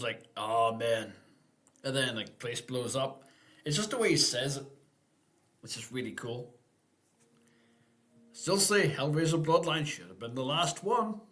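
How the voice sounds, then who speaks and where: A man's voice: medium pitch, a bit bright. Easygoing man hosting a live stream. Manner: easygoing, rambling, thinks aloud with fillers. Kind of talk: casual live-stream Q&A chat.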